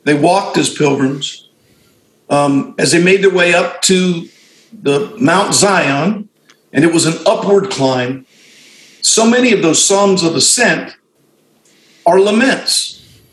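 A man's voice: fairly high pitch, slow, pauses often, roomy sound, low-quality recording. A middle-aged male pastor telling stories in a reflective conversation, often restarting and correcting himself. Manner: reflective storytelling with frequent restarts and self-corrections. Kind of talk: conversational discussion among fellow pastors.

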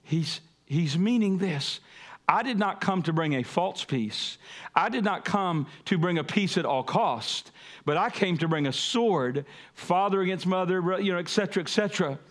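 A pastor preaching a sermon, calling on the congregation to repeat after him and building to emphatic peaks. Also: male voice, sits high, expressive, normal speed. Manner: call-and-response preaching, rising to emphatic peaks.

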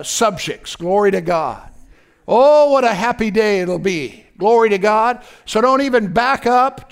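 A man's voice: sits high, clear, resonant tone. A man preaching a fervent sermon as pastor, often breaking in with "praise God" and asking if the congregation is listening.

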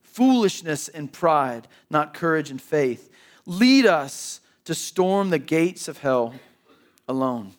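A pastor with a fairly high, expressive voice preaches a sermon in church, taking it slowly. He is conversational and emphatic, frequently restarting sentences and repeating words.

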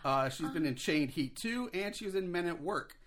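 A man's voice: fairly high pitch, animated, normal speed, a bit bright. Upbeat man hosting a podcast. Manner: upbeat, rambling with fillers. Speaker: podcast host. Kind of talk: casual podcast chat.

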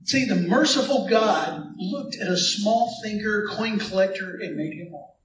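Animated high-voiced preacher in an echoey room. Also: male voice, measured pace, distant mic, a little hiss or hum. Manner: animated preaching with call-and-response and playful asides. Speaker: pastor. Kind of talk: sermon.

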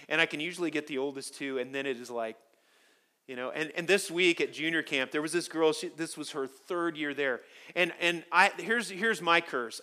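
Bright, animated male pastor preaching. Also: a little high. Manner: animated storytelling, swings from soft to loud. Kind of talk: sermon. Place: church.

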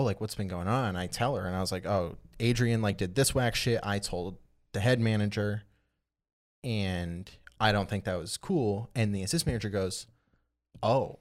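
A young man with a fairly low voice tells a long, rambling story to his friends on a podcast. He leans on "like" constantly and acts out what everyone said. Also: normal speed. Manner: rambling, animated retelling with lots of "like". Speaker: podcast co-host. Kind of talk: casual storytelling chat.

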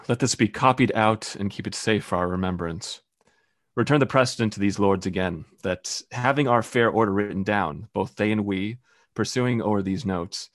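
A man reading the part of a French prince in a Shakespeare read-through, formal and measured in the verse. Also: fairly low pitch, dry recording, clean studio sound, close to an everyday voice. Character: French prince addressing allied lords. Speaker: guest reader.

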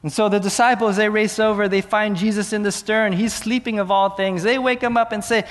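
A man preaching a sermon as pastor, moving between hushed, slow passages and raised, urgent questions. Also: sits high, fairly even intonation, long reverb tail.

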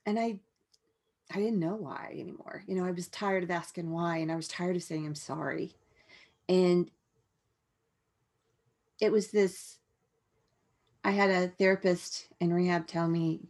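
A woman guest telling a personal story in a frank, halting way, with many restarts and asides. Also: on the low side, a little mellow, husky.

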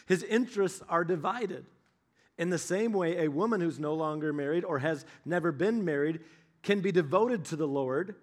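A middle-aged man preaching with his wife, reading scripture slowly and telling stories in an earnest way. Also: sits high. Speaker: pastor.

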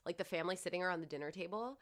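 A young woman chatting casually, making wry asides and pausing to dig up details. Her voice sits a little low for a woman. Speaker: podcast co-host. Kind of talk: casual chat recapping a movie.

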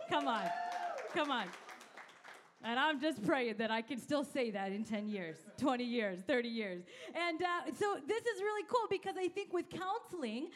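A middle-aged woman pastor giving an energetic, conversational sermon and calling out to her congregation. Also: sits high.

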